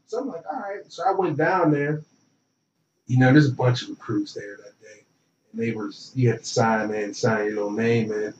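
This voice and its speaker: A young man telling stories in casual conversation, animated and acting out the voices of people in his anecdotes. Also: mid-range voice, brisk, recorded from a distance. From from a small town. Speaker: interview guest. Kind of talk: casual storytelling. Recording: roomy, dull and slightly noisy.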